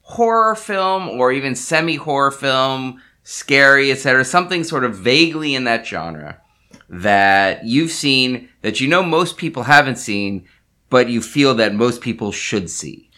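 A man co-hosting a casual podcast chat, chatty and quick with agreement. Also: medium pitch, animated, sharp tone.

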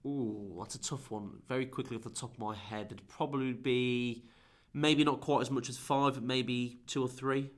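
A man with a medium-pitched voice, a steady tone, and a moderate pace chats casually on a football podcast. He rambles in an easygoing way, often restarts, and keeps calling his co-host mate.

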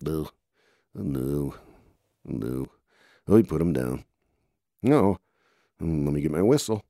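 A man with a very deep, dark and mellow voice tells an improvised playful story. He rambles in a loose, chatty way, with plenty of groans and "oh boy" asides. The sound is dry and close. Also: expressive, unhurried, creaky, no room sound. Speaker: storyteller voicing toy characters.

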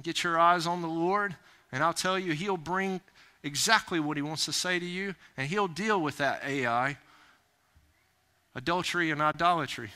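A man preaching a sermon, plain-spoken and folksy, rising to loud urgent calls. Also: a little high, moderate pace, clear, resonant tone. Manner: animated, rising to near-shouts when urging haste. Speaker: pastor.

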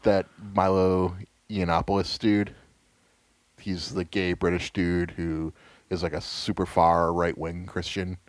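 A young man co-hosting a casual podcast chat, ranting sarcastically with lots of swearing and sudden loud outbursts. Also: low voice, level tone, unhurried, no room sound. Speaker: podcast co-host.

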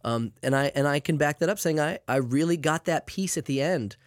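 A man's voice: fairly high pitch, a little fast, no room sound, studio quality. A man co-hosting a casual podcast, rambling and swearing freely as he tells stories. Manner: animated, rambling, swears often. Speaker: podcast co-host.

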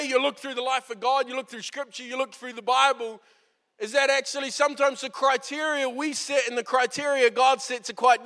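A man's voice: very high-pitched, pushed and bright. A man preaching a sermon in a church, talking in an earnest, conversational way and acting out quoted lines. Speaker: pastor. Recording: long reverb of a large hall.

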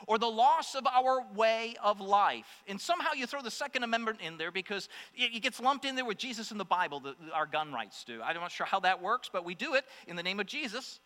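A man preaching a sermon to a congregation, impassioned, swinging between loud exclamations and hushed asides. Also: sits high. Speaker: pastor. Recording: long hall reverb with mains hum.

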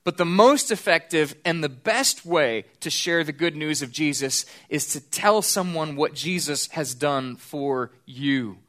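A man preaching a sermon as pastor, earnest, slowing down to stress key points. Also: on the high side, lively intonation, fairly bright tone.

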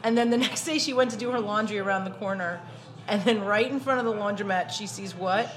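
A woman hosting a podcast, telling a story in casual chat with quick reactions and easy laughs. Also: medium pitch. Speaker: podcast host.

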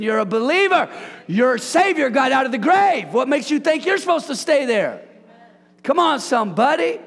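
A man preaching in a church, pushing his congregation to speak lines back to each other. His voice sits very high with a gravelly edge. A long hall reverb trails after his words. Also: a bit bright. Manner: exhorting, calls on the congregation to repeat lines. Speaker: pastor. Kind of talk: sermon.

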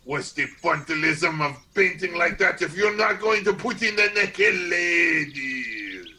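A man playing a lecherous, boastful male painter who talks in a slow, coaxing way. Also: a little high, lively intonation, bright, forceful tone, exaggerated voice. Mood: leering.

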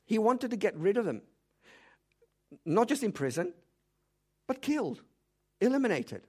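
Emphatic preacher, man with a higher voice. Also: sing-song, unhurried. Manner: emphatic, asks rhetorical questions; direct, speaks to the congregation as "you". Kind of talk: sermon.

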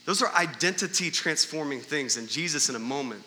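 A man's voice: on the high side, expressive, brisk, pushed and bright, in a large hall, slight background noise. A male pastor preaching a sermon in a church, talking conversationally and tossing in rhetorical questions and "right?" asides. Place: church sanctuary during a service.

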